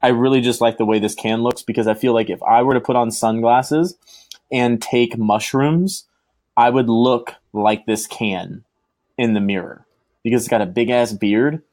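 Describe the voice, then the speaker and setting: A man's voice: medium pitch, fairly even intonation, normal speed, darkish tone, no room sound. A young man co-hosting a casual podcast, full of crude joking banter. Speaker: podcast co-host. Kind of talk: casual chat.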